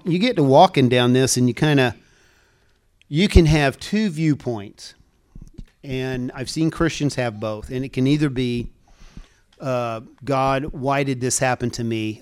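A man's voice: medium pitch, a little mellow, clean tone. An older man speaking to a church group in a casual, rambling storytelling way, chuckling at his own puns.

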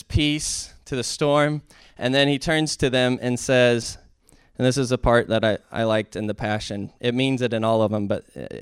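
A man's voice: mid-range voice, fairly bright tone, smooth, no echo, clean studio sound. A man giving an informal sermon, conversational and at times rising to fervent emphasis, with restarts along the way. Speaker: preacher.

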